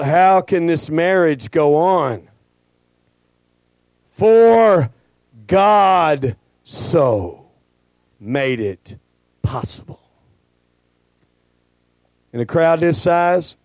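A male pastor, preaching a folksy, joking sermon that swells into shouting. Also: a little high, expressive, slow, long pauses, no echo.

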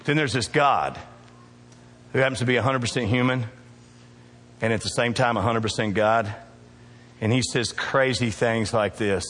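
A man's voice: medium pitch, moderate pace, long pauses, fairly bright tone, in a large hall, a little hiss or hum. A male pastor preaching a sermon, emphatic and calling out to his congregation in a church. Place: church sanctuary.

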